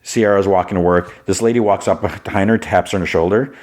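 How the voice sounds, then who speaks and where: A man's voice: sits low, fairly even intonation, quick pace, darkish tone. A man hosting a podcast, recapping a TV episode in a chatty way, full of "like" and "you know.". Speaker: podcast host.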